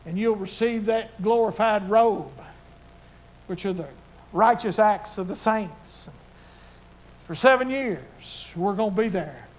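Fervent older male preacher, high voice. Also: measured pace, darkish tone. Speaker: pastor. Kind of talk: sermon.

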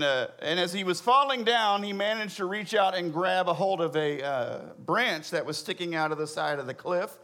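Pastor preaching with a higher voice. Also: male voice. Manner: tells a joke story, acting out voices with rising pitch; quiet, lowered voice in prayer. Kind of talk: sermon.

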